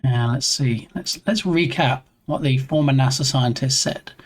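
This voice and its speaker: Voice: medium pitch, a little slow. A live streamer debugging a hardware setup, muttering through each step, reading on-screen settings aloud and breaking off to greet viewers in chat. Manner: muses to self, reads screen text aloud, chats with viewers. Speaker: game dev streamer. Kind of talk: live-stream thinking aloud while troubleshooting. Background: headphones on.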